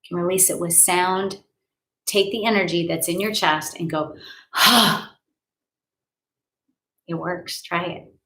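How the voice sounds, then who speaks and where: A woman's voice: lowish voice, steady tone, moderate pace, a bit bright, low-quality recording. A woman healer and life coach leading a live healing session from her home, guiding breaths, sighs and affirmations in a soothing way.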